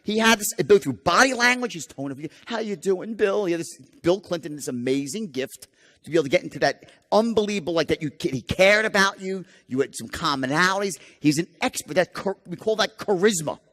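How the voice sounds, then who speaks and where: Animated high-voiced man lecturing in a hall. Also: fast. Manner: emphatic, profane, asks the audience rhetorical questions. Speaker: sales trainer giving a seminar. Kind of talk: live motivational seminar lecture. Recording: long hall reverb.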